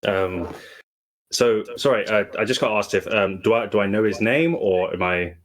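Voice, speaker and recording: A man playing a tabletop game, relaxed and a little hesitant. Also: lowish voice, moderate pace. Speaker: player. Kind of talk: casual tabletop play.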